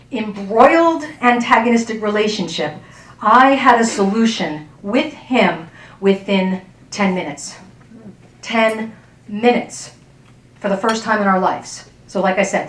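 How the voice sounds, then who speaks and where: A woman's voice: on the high side, fairly bright tone, far from the mic. A woman relationship coach giving a workshop talk to an audience in a chatty way, often checking in with her listeners. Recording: roomy sound from off-mic.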